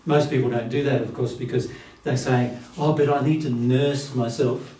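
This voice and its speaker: A man's voice: medium pitch, normal speed. Man teaching in a roomy living room. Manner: lively, laughing, blunt with the listener. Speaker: spiritual teacher. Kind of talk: casual teaching talk. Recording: roomy, distant, faint room hum.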